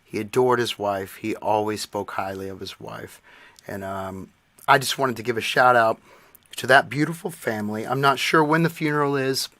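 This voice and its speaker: A man in his forties co-hosts a podcast, sharing earnest, emotional stories as a heartfelt tribute in casual conversation. His mid-range voice is sharp, moderately paced, and dryly recorded.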